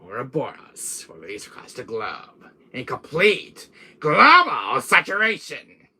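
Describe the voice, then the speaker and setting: A man doing an impression of a cold, menacing male villain mastermind in a put-on British accent, with a slow, drawling, taunting delivery. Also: mid-range voice, huge pitch swings, bright, forceful tone, slightly rough, exaggerated voice. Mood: grandiose.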